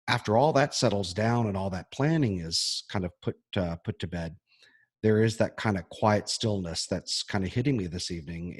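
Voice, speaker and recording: A man, a history teacher, talking earnestly and emotionally to his students, pausing often with fillers. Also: low voice, slightly rough, dry recording, clean studio sound. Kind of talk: heartfelt scripted-free address to students.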